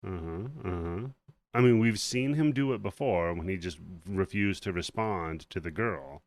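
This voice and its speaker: A man hosting a podcast, recapping a movie in casual chat with animated, profane storytelling. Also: sits low, measured pace, dry recording. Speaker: podcast host.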